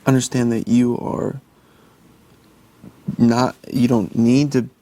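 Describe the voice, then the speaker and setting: A man's voice: medium pitch, flat delivery, slow, warm tone. A young man talking earnestly and reassuringly to his partner, often restarting his sentences. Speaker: reality show houseguest. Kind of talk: intimate casual talk.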